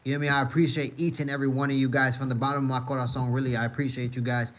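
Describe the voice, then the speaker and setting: A man at an ordinary middle pitch chats on a live stream, reading messages aloud. He rambles, repeats himself, leans on filler words and swears freely in a relaxed, joking tone. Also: racing. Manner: rambling, heavy on "uh" and "you know what I mean"; laid-back, profane, joking. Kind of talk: casual live-stream chat.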